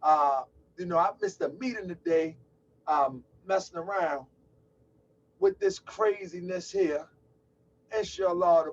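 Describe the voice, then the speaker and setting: Male call-in host, husky and gravelly, animated and chatty; distant lo-fi recording. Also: a little high. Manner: loose, chatty, exclaims and laughs while setting up. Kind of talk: casual livestream talk. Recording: distant, dull lo-fi mic.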